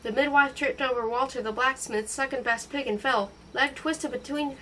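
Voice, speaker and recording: A woman reading a novel aloud in a steady, expressive storytelling voice. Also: high-pitched, normal speed, recorded from a distance, slight background noise, low-quality recording. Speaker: audiobook reader.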